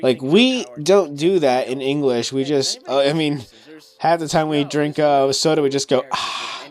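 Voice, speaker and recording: Young guy, slightly high voice, animated profane rant over gameplay commentary. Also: moderate pace. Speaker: commentator on his own video review. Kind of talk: casual commentary.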